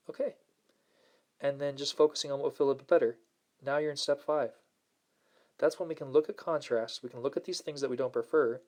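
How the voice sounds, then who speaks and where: A man hosting a motivational self-help talk, upbeat and earnest, repeating key phrases and slowing down to stress his points. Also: medium pitch. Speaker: host and self-help coach.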